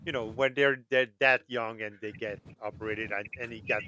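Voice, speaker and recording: A man's voice: on the low side, steady tone, moderate pace, bright, forceful tone, rough recording. A man who is a father, chatting casually and stumbling over repeated words. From Canada. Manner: repetitive, stumbling restarts. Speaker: podcast co-host. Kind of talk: casual chat.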